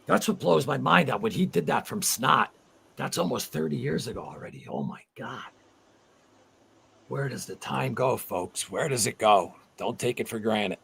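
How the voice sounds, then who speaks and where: A man's voice: medium pitch, lively intonation, normal speed, gravelly, fairly bright tone, slight background noise. A man in his forties hosting a casual livestream chat, rambling and heartfelt as he reads viewer comments aloud. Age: 40s. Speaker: livestream host.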